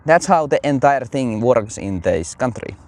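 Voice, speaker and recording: A man talks through religious commentary in a loose, rambling way, full of fillers and restarts. His pitch swings widely as he goes. It sounds like casual commentary, not a polished sermon. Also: unhurried. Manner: rambling, animated, many fillers.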